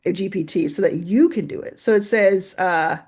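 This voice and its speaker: A woman's voice: mid-range voice, normal speed, darkish tone, husky. Woman host, casual and chatty, mid-range voice, reacts and thinks aloud while demoing. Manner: chatty, laughs and talks to herself while typing. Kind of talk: casual screen-share tutorial.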